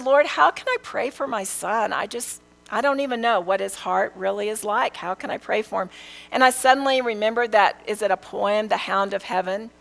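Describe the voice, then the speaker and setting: A woman's voice: medium pitch, vocal fry, poor audio. Earnest middle-aged woman teaching a sermon. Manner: earnest, storytelling, lively quoted prayers. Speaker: Bible teacher.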